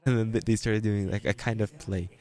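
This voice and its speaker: Lively, laughing preacher man, lowish voice. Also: brisk. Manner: lively, laughing anecdotes with frequent restarts. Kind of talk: storytelling sermon.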